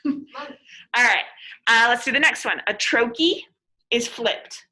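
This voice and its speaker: A woman's voice: high-pitched, expressive, measured pace, pushed and bright. A woman teaching a poetry lesson in a classroom, patiently explaining and repeating definitions. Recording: echoey room, mic far off.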